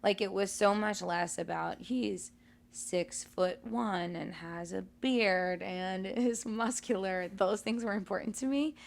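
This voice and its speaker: A woman's voice: mid-range voice, slow, gravelly. A woman in her thirties co-hosting a casual podcast, telling her story in a reflective, open way. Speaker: podcast co-host.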